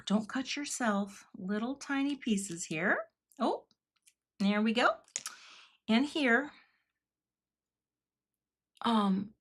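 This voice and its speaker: A woman's voice: fairly high pitch, sharp tone. A woman hosting a live craft stream, chatting and thinking aloud as she works and thanking viewers in the chat. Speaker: craft livestream host.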